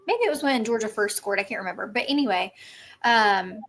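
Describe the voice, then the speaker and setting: A woman's voice: mid-range voice, animated, fairly quick, a bit bright, a little hiss or hum. A woman, co-hosting a podcast in a chatty, opinionated way. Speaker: podcast co-host. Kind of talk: casual chat.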